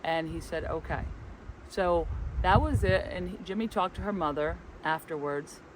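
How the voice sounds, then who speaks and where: A man's voice: on the high side, moderate pace, rough recording. A man casually telling a story outdoors as co-host of a travel vlog, rambling along and acting out the dialogue. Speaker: co-host of a spiritual travel channel. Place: outdoors in a forest, windy. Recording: light wind and outdoor background noise.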